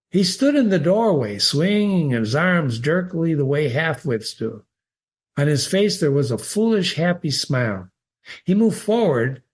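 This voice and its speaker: A man reading a short story aloud as the show's host, expressive and lifting his pitch on key words. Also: slightly rough. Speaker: reader.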